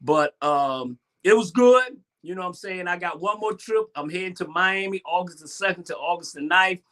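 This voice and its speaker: Southern guy about sixty, bright forceful voice, talks big and chatty. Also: high voice, moderate pace. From Savannah, Georgia, US. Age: 60s. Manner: lively, boastful, chatty with fillers. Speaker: host. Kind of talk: animated solo talk show monologue.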